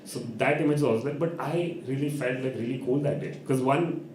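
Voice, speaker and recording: A man telling an animated story at an open mic, acting out voices and laughing often. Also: mid-range voice, a little fast, echoey room, a little hiss or hum. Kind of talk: storytelling on stage. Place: live open mic venue.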